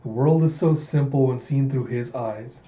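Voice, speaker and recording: A man voicing a calm, thoughtful woman in a manga readthrough, speaking quietly in his plain voice. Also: medium pitch, moderate pace, lightly acted. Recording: muffled, roomy home recording.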